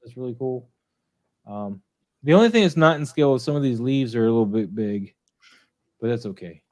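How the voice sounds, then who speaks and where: A man hosts a relaxed livestream chat, rambling through his points with plenty of ums and restarts. His voice sits at an ordinary middle pitch and sounds dry and close to the mic, with no room around it. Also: fairly quick, no echo. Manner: rambling, filler-heavy, friendly. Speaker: podcast host.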